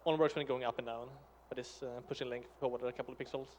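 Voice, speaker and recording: A man's voice: medium pitch, steady tone, very fast, a little mellow, slight background noise. A man commentating a speedrun live, casually explaining technical gameplay tricks.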